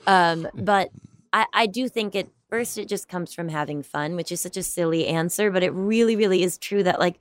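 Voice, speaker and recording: A young adult woman, an actor and stand-up comedian, chatting in an interview in a rambling way, full of fillers and quick laughs. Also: fairly low pitch, no room sound. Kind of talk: casual interview chat.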